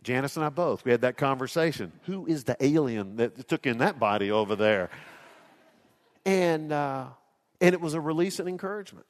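A man's voice: medium pitch, lively intonation, normal speed, in a large hall. A man, preaching a sermon as a pastor in a folksy storytelling manner. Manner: folksy storytelling, acts out quoted voices.

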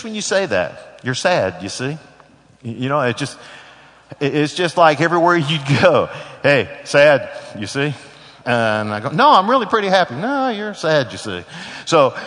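A man's voice: fairly high pitch, a bit bright. A middle-aged man preaching a sermon as pastor, folksy and conversational with joking asides. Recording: long hall reverb.

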